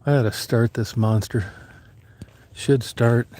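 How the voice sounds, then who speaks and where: A middle-aged man talking casually outdoors next to his old van, in a plain, folksy way with some mild cursing. His voice sits at an ordinary middle pitch. Engine and outdoor noise run clearly behind him. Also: fairly even intonation, takes it slowly, warm tone. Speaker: vlogger. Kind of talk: casual chat. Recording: noisy outdoor recording with engine sounds. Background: vehicle and engine noise.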